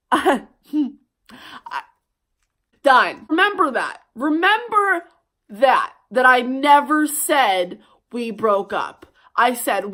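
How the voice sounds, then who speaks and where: A young woman telling a heated storytime on her vlog, swearing often and talking in fast bursts. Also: on the high side, a bit bright. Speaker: vlogger.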